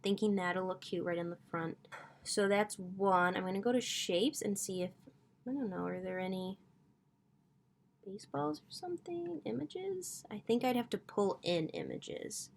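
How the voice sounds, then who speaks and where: A woman in her twenties hosts a casual crafting tutorial in a medium-pitched voice with vocal fry, speaking at normal speed. She's chatty and gushing, thinking aloud as she works and calling her viewers "guys".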